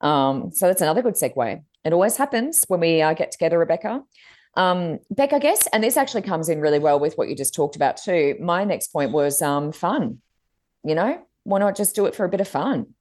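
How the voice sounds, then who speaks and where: A woman's voice: lowish voice, very animated, brisk, a little mellow. A woman co-hosting a podcast in casual chat, chiming in with short supportive replies. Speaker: podcast co-host.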